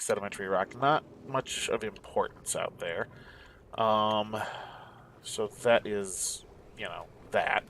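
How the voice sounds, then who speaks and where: A man's voice: lowish voice, a bit bright. Mumbling man narrating a game, faint hiss. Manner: mumbling to himself, musing and searching. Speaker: gameplay commentator. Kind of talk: casual let's play commentary.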